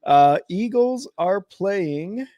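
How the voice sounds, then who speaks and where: Here a man with a high, dark, expressive voice speaks extremely slowly in a dry recording. He's co-hosting a live game watch-along, reacting play by play in loose, rambling sports chat packed with fillers, restarts and self-corrections.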